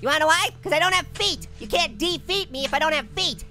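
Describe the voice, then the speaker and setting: A man voicing a hyper, wisecracking male talking orange, giggly and squeaky, making puns and teasing while playing a video game. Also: fast talker, faint music behind, exaggerated voice. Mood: playful. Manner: excitable, teasing, bursts into shouts. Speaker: gaming channel host character. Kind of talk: let's play commentary.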